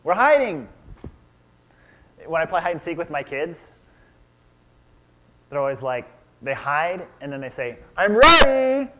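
Man, sermon storytelling, slightly raised pitch, asks the crowd questions, acts out lines. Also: moderate pace, pauses often, fairly bright tone, slight background noise. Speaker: preacher.

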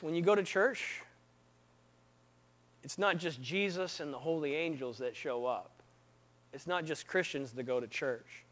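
A man who is no longer young preaching a casual, conversational sermon, often quizzing his listeners with "right?" and "what?". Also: medium pitch. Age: not young. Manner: lively, quizzes the audience with frequent "right?" and "what?".

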